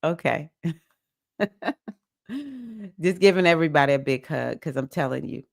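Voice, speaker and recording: Woman host, low voice, slow and chatty, dry close sound. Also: big pitch swings, creaky, a little mellow, no echo. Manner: emotional, chatty, greets viewers by name. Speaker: livestream host, astrology reader. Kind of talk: casual livestream chat.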